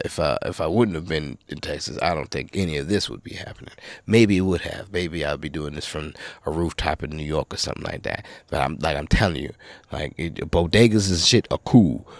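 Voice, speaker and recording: A man hosting a solo podcast, rambling casually in a profane, animated storytelling way. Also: low voice, no room sound, clean studio sound. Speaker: podcast host.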